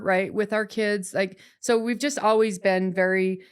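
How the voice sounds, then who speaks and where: A woman's voice: mid-range voice, moderate pace, clear, resonant tone. Chatty woman in her forties telling her story. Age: 40s. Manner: animated, chatty, many restarts and "right?" tags. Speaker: podcast guest. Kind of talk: emotional personal storytelling.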